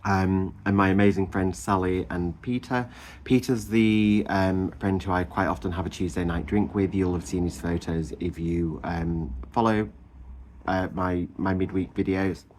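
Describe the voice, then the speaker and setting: Man, 30s, low voice; chatty vlogger gushing about his weekend, lots of ums and laughs. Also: steady tone, unhurried, darkish tone, slight background noise. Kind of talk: casual chatty weight-loss update.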